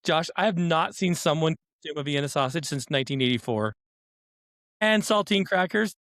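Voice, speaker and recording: A man's voice: a little high, fast talker, a bit bright, no echo, clean studio sound. A man co-hosting a casual podcast chat, teasing and playfully incredulous. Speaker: podcast co-host.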